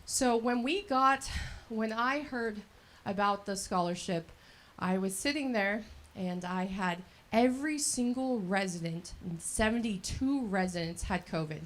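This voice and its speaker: At a fundraiser held in a brewery, a woman in her thirties from El Dorado County, California, speaks as a scholarship recipient. Her voice sits at medium pitch and moves a little slowly as she tells her own story in a chatty, laughing way.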